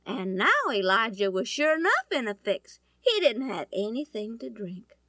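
A woman telling a Bible story in a folksy, animated way, often asking her listeners questions. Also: a little high, moderate pace, no echo. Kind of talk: storytelling to an audience.

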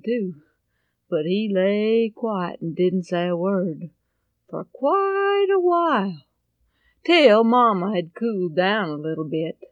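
A woman telling a Bible story in an expressive way, swinging between loud and hushed. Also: mid-range voice, no room sound, phone-quality sound.

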